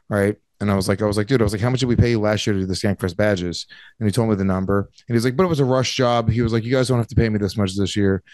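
A man's voice: on the low side, a little mellow, no room sound. A man chatting casually on a comedy podcast, teasing a friend with profanity and laughter. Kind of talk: casual chat.

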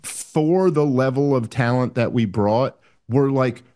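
A man's voice: mid-range voice, measured pace, dark tone. Reflective man in casual chat. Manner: reflective, searching for words. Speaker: comedy podcast co-host.

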